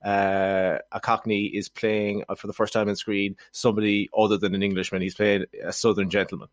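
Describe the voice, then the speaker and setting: Fast-talking, sardonic male podcast co-host. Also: on the low side, flat delivery, no room sound. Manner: quick, sardonic, joking. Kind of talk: casual film discussion.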